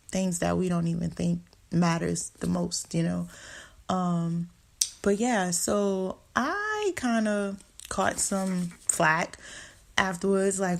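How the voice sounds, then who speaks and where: A woman hosting her own talk show, telling a story from her life in a relaxed, conversational way. Her voice sits at a middle pitch with a slight gravelly fry. She acts out the quotes and fills her speech with "like" and "you know.". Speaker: podcast host. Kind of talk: casual storytelling.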